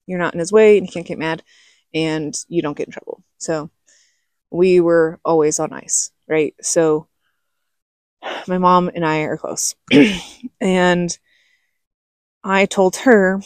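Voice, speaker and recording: A middle-aged woman talks straight to her viewers in a frank, chatty way, often pausing to ask "okay?" Her voice sits on the low side. The recording is dry and close, with no room sound. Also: steady tone, dry recording. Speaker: vlogger telling her life story. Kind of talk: casual storytelling to camera.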